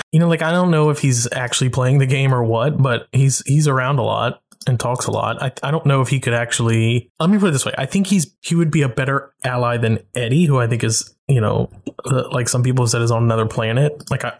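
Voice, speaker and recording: A man's voice: mid-range voice, a little fast. A man co-hosting a podcast in casual chat, rambling, laughing often and restarting his sentences. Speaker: podcast co-host. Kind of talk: casual chat about an online game.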